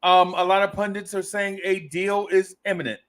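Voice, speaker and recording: This live-stream host's voice sits high and is fairly bright, clear, and resonant, with a flat delivery at a moderate pace. He reads viewer comments aloud in a playful manner, laughing readily and often repeating what he just said.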